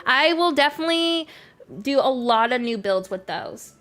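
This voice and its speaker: A woman's voice: sits high, lively intonation, normal speed, fairly bright tone. A young-sounding woman from Canada with an accent mixing Canadian and Southern American, chatting casually on a live stream and answering her chat, with lots of "like" fillers. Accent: Canadian mixed with American Southern. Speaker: game streamer.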